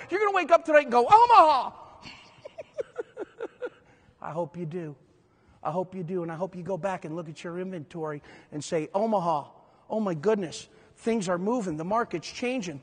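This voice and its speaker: A man giving an energetic breakout talk at a trade convention, quizzing the crowd and sometimes shouting out to the room. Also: very high-pitched. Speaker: conference speaker. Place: large convention hall. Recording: hall reverb, speaker from far off.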